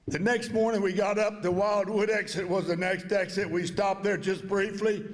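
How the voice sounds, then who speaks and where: A man's voice: high-pitched, fairly even intonation, moderate pace, hardly any pauses, in a large hall. An older man, telling a story in a plain-spoken, folksy way as he gives a speech at an awards dinner. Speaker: inductee giving a speech. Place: banquet hall.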